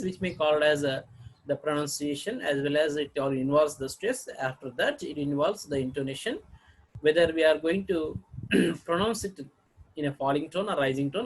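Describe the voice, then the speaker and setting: Husky man teaching with frequent fillers. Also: a little high, low-quality recording. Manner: hesitant, frequent fillers and throat clearing. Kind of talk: recorded lecture.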